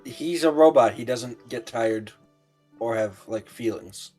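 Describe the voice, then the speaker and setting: Male tabletop player, slow, teasing banter. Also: medium pitch, a little mellow, faint music behind. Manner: teasing, laughs often. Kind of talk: casual chat in a tabletop game.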